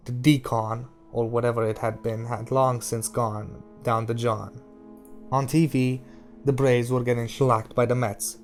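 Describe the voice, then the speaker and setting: A man reading a novel aloud, steady and measured, at an ordinary middle pitch. Faint music sits under his voice. The delivery stays even and unhurried. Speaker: audiobook reader.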